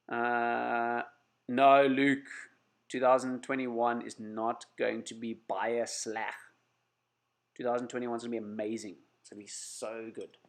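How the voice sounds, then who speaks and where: A man with a cold runs a casual livestream, his voice rough and gravelly. He chats loosely with viewers, reads out their greetings and apologizes often. Mid-pitched, recorded through his camera's mic. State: has a cold. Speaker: channel host on a livestream.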